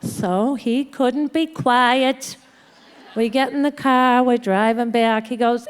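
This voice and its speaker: A woman's voice: a little high, steady tone, slow, clear, resonant tone. A woman speaking to a live audience in a hotel conference room, telling a humorous personal recovery story with a wry manner and frequent laughter. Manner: wry, laughs often, acts out quoted people.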